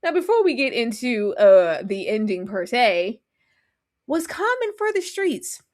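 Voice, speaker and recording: Woman, casual movie review chat, very lively swinging pitch, slightly high voice, acts out lines. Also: measured pace. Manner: animated, acts out characters' lines with big pitch jumps. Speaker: podcast co-host.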